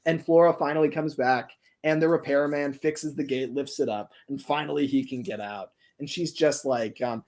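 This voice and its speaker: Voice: medium pitch, fairly even intonation, moderate pace, hardly any pauses, a little mellow. A livestreamer telling a story casually, rambling and restarting often. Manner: rambling, many fillers and restarts. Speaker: streamer.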